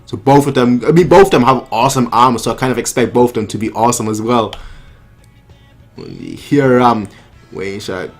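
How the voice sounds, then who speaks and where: A man hosting a manga reaction, reading panels aloud and commenting excitedly, often repeating himself. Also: moderate pace, soft background music. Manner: excitable, repeats himself, reads dialogue in a lower voice.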